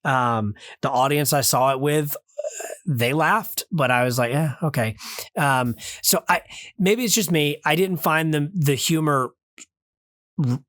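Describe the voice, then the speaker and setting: A man's voice: a little high, measured pace, fairly bright tone, dry recording, studio quality. A man in his thirties co-hosting a podcast, reviewing a film in casual chat, rambling with many fillers and restarts. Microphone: remote call mic.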